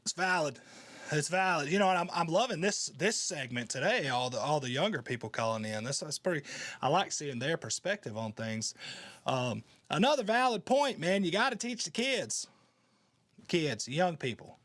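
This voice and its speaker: A man's voice: fairly high pitch, lively intonation, moderate pace, fairly bright tone. Give me a laid-back man hosting a call-in podcast, rambling and chuckling. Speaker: podcast host reading and answering call-in messages. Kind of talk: casual commentary.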